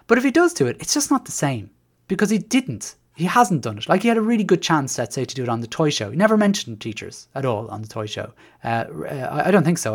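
A man with an Irish accent hosts a casual podcast monologue. He rambles and doubles back with dry sarcasm, his pitch moving in wide, lively swings. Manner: rambling, sardonic, many restarts. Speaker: podcast host, teacher.

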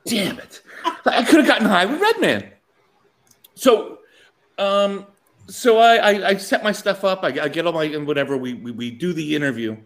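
Man, animated storyteller with a fairly high, swooping voice. Casual anecdote, quotes people, frequent laughs.

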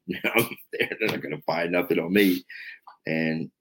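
Low-voiced man in his fifties from South Jersey, halting confessional guest storyteller, lots of fillers. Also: steady tone, noisy background. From South Jersey, USA. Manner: halting, repetitive, many "you know" fillers. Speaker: podcast guest in recovery.

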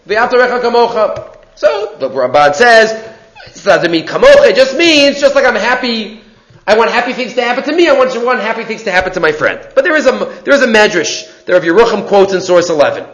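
A man's voice: sits high, very animated, fairly quick, fairly bright tone, reverberant, dull audio. A man teaching a weekly Torah class, explaining sources line by line and asking and answering his own questions.

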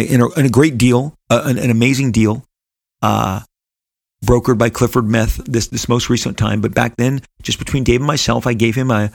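Gravelly middle-aged man telling stories. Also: mid-range voice, no echo. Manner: earnest, rambling, with frequent restarts. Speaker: comic book creator and host. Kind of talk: personal storytelling monologue.

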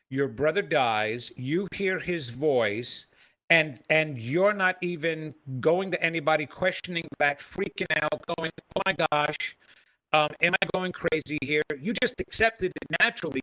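A man's voice: a little high, pushed and bright. A man hosting an interview, reacting with enthusiasm and rephrasing his questions. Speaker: interview host. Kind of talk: interview, conversational. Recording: somewhat dull lo-fi sound.

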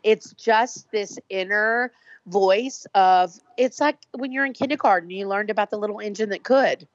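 A woman's voice: medium pitch, moderate pace, no echo. Mouthy woman artist, swears a lot, kinda muffled lo-fi sound. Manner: profane, brash, emphatic. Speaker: interview guest, artist. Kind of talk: casual conversational interview. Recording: dull lo-fi dry sound.

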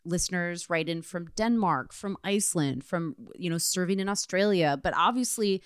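A woman co-hosting a podcast in casual chat, excitable and gushing, swearing freely. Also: lowish voice, normal speed, clear, resonant tone, dry recording, studio quality. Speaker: podcast co-host.

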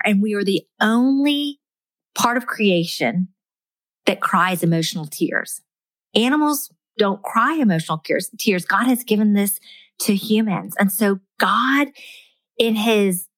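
A woman's voice: mid-range voice, a bit bright, dry recording. A middle-aged woman, a guest author, speaking earnestly and reflectively in a faith-based interview.

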